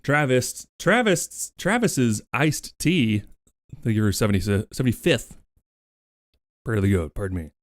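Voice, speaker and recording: A man's voice: medium pitch, animated, a little slow, no echo, clean studio sound. A man streaming, chatting casually and playfully, thanking viewers by name. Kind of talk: casual livestream chat.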